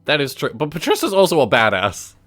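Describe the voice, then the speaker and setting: A man's voice: on the high side, wildly swooping pitch, quick pace, fairly bright tone, faint music behind. A man chatting casually as a player in a tabletop game.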